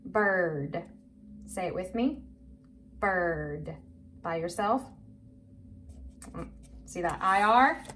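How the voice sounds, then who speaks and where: A woman with a fairly low, expressive, slightly bright voice leads young children through phonics, speaking extremely slowly with long pauses. She's patient and encouraging, stretching out each word for them to say back, over faint background noise.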